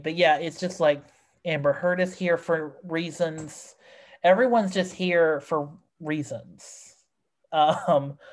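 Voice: medium pitch, darkish tone. A podcast host in casual film review chat, rambling and exasperated, with many fillers.

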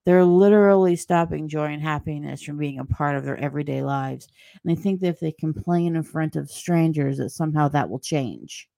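Gravelly low-voiced woman, sarcastic. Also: normal speed, mellow, no room sound. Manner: blunt, sarcastic, rambling; mocking put-on voices when quoting people. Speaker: podcast host. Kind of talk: opinionated solo podcast monologue.

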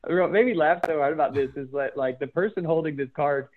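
Man, slightly high voice, casual host reading posts aloud, laughing a lot, thin phone-like sound. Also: fairly quick. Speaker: podcast host.

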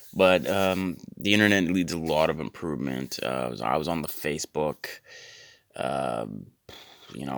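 A man in his thirties hosting a podcast, rambling through a deadpan comic monologue with lots of stammered repeats. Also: a bass voice, gravelly, no room sound, studio quality. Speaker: podcast host. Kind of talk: comedic monologue.

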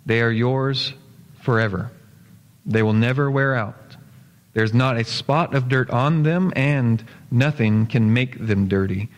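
A man voicing a kind, gentle royal prince who speaks calmly and reassuringly. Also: medium pitch, a little slow, lightly acted. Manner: calm, reassuring. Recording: long church hall reverb.

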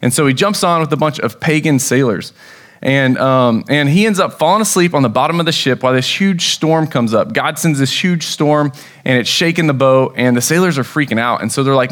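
A young American man giving a casual, storytelling sermon in a church, with plenty of fillers and quick acted-out quotes. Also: a little high, lively intonation, fairly bright tone. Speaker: preacher. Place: church sanctuary.

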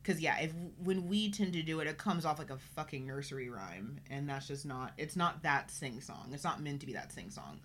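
A woman's voice: low voice, expressive, brisk, few pauses, fairly bright tone, slight background noise. A woman co-hosting a casual podcast chat, dry and wry, swearing now and then. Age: adult, studied in college. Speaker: podcast co-host.

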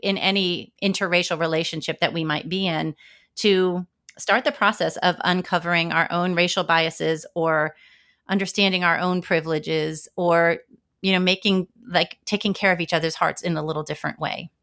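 A woman hosting a conversational interview, with a somewhat low speaking voice. She asks long, searching questions and cheers her guest on. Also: fairly even intonation, moderate pace. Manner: warm, encouraging interviewer. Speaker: podcast host.

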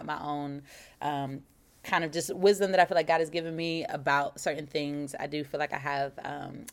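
Lively, playful woman podcast host. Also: deep voice. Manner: animated, playful, says y'all, sings intros. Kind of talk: casual podcast chat.

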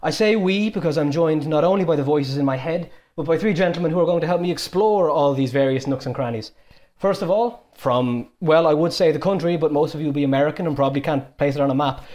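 A man's voice: on the high side, quick pace, a little mellow. A young Irish man hosting a casual podcast, joking and teasing his guests in a chatty way. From Ireland. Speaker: podcast host.

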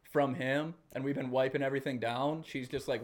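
Young dude from minnesota, casual podcast chat, cussing and laughing a lot. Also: male voice, mid-range voice, steady tone, a little fast. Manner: swearing, laughing storyteller. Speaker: podcast co-host.

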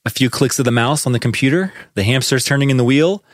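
A man's voice: medium pitch, fast, no echo. A man co-hosting a podcast from his own studio, chatting with enthusiasm about how tracks are put together. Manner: enthusiastic, chatty, uses fillers. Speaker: podcast co-host, studio owner. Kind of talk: casual chat about studio production.

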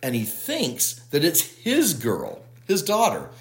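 Animated man retelling a plot. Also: a little high, slow. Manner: animated storyteller, laughs while retelling plots. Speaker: podcast co-host. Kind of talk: casual episode recap chat.

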